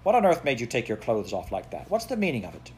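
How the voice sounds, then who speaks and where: A man's voice: mid-range voice, wildly swooping pitch, quick pace, darkish tone, a little hiss or hum. A man voicing a cross, fussy aunt who scolds shrilly in a storybook reading. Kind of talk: audiobook character voice.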